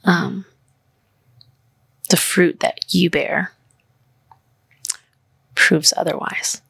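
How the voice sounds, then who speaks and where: A woman in her thirties hosts a heartfelt podcast chat. Her voice is low-pitched, gravelly with vocal fry and rather bright. She talks in an earnest, rambling way, winding through stories. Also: little pitch movement, drawn-out words, dry recording. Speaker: podcast host.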